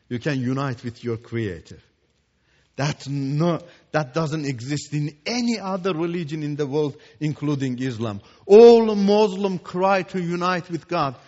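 A man from Iran, giving his testimony as a Christian teacher. He talks emphatically and repeats words for stress, moving between hushed and loud. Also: fairly high pitch. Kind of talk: preached testimony. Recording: echoey hall, dull lo-fi sound.

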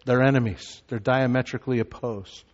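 A pastor preaching a sermon. He moves from measured teaching to loud, shouted emphasis. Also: mid-range voice, steady tone. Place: church sanctuary. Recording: reverberant hall, slightly dull sound.

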